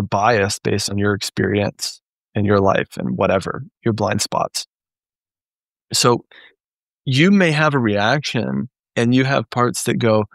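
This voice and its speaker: A man's voice: on the low side, dry recording. A man, a therapist and trainer, teaching in a live Q&A in a conversational way and often checking in with "right?".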